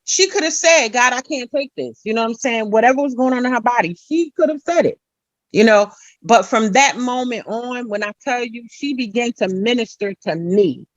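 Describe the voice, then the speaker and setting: A woman's voice: fairly high pitch, expressive, normal speed, dry recording, dull audio. A middle-aged woman giving an earnest personal testimony as an interview guest, retelling conversations with frequent asides.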